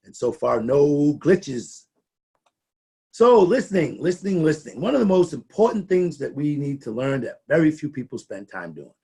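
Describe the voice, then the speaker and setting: A man's voice: a little high, very animated, moderate pace, gravelly, mellow, husky. A middle-aged man giving a conversational training presentation, often restarting and repeating words as he talks.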